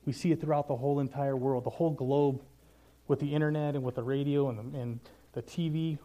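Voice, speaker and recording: A man's voice: mid-range voice, fairly even intonation, a little fast, dark tone, lo-fi sound. A man preaching a sermon in an earnest, casual way, often saying "man" and reading scripture aloud.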